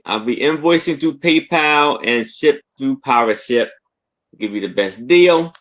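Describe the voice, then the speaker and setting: A man's voice: mid-range voice, animated, measured pace, a bit bright. A man talking casually while he runs a live online sale of vintage items, in an easygoing, folksy way. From Maryland, US. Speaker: guest reseller.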